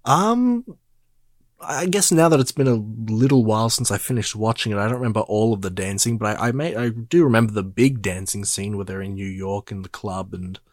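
A man's voice: on the low side, brisk, dry recording. A man co-hosting a casual movie chat, hesitant and stammering with dry jokes. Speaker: podcast co-host.

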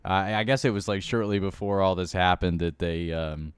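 A man's voice: low-pitched, steady tone, normal speed, smooth, no room sound, studio quality. A man co-hosting a podcast in easygoing casual chat, often searching for words with fillers. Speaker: podcast co-host.

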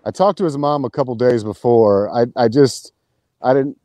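A man with a mellow, dark voice chats as a podcast guest. He tells a rambling story with lots of restarts and some swearing. The sound is dry and close. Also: medium pitch, normal speed, no room sound. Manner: rambling, restarts, profane, animated retelling. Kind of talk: casual chat, storytelling.

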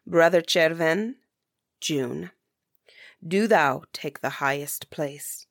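An ancient winter spirit from a storybook speaks slowly and gravely in old-fashioned words, as a woman reader gives him voice. The tone is low-key, dry and unhurried. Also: no room sound. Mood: solemn. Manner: slow, solemn and archaic.

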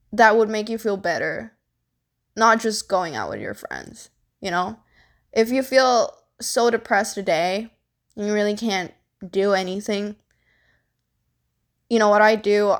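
A young woman talking casually to camera as a vlogger, giving life advice in a frank, blunt way, with frequent swearing and lots of "like" and "you know". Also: mid-range voice.

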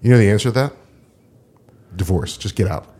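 A man's voice: lowish voice, brisk, warm tone, husky. A man co-hosting a casual podcast chat, joking around and explaining flu facts loosely. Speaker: podcast co-host.

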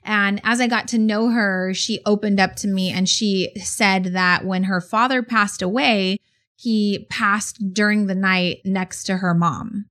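Middle-aged woman, earnest storyteller, podcast co-host, medium pitch. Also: fairly even intonation, a little slow, fairly bright tone. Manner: earnest, tells personal stories. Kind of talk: conversational storytelling.

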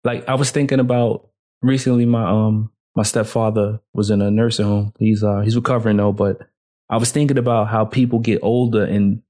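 A man's voice: fairly low pitch, little pitch movement, a little fast, dark tone. A man co-hosting a podcast who talks earnestly and reflectively in casual chat. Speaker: podcast co-host.

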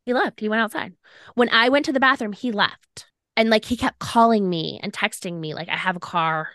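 A young woman co-hosting a podcast tells a long personal story in an animated, chatty way. Her voice sits at a middle pitch, and she keeps dropping "like" into her sentences while acting out what people said. The recording is close and dry, with hardly any room sound. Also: fairly quick, dry recording. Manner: animated, fillers of "like", acts out quoted lines. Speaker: podcast co-host. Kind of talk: casual storytelling chat.

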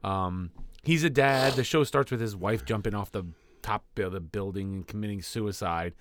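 A man's voice: on the low side, moderate pace, no echo. A man co-hosting a podcast, rambling casually with profanity and laughter. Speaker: podcast co-host. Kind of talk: casual chat.

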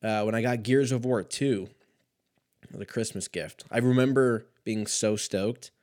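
A young man with a slightly low voice talks on his own in a loose, rambling way, swearing freely. His voice is a bit rough from a cough he had days ago. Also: a little slow, a little mellow. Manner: profane, rambling, laid-back. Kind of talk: casual solo chat.

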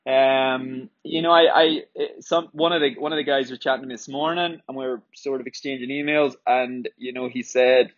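A candid man speaks about his running, reflective and loose with the odd swear. His voice sits at a middling pitch. The sound is close and dry, with a slightly dull, lo-fi tone. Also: steady tone, moderate pace, few pauses, dry recording. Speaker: runner sharing his training. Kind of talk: casual spoken monologue.

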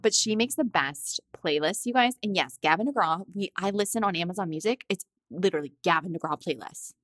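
A woman's voice: lowish voice, brisk, a bit bright, no room sound. A woman in her thirties co-hosting a podcast, chatting casually in a bubbly, giggly, rambling way. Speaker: podcast co-host. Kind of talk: casual chat.

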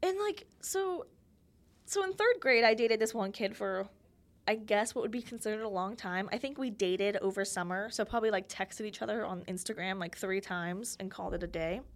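This young woman hosts her own podcast and speaks at a normal speed in a mid-range voice. She's telling childhood stories, chatty and giggly, and performs the quoted voices herself as a casual solo storyteller.

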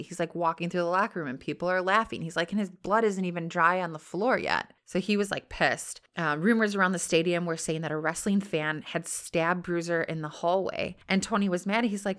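A woman with a low voice tells a true story to a friend in relaxed podcast chat. She leans on "like" as a filler and acts out what people said. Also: a little fast, few pauses. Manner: chatty, many "like" fillers, acts out quotes. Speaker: podcast host.

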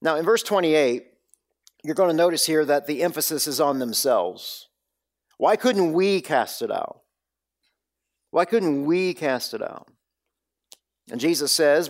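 Preacher with a slightly high voice, dramatic swings. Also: male voice, expressive, normal speed, long pauses. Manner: dramatic storytelling, wide swings between loud bursts and hushed low lines. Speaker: pastor. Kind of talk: sermon.

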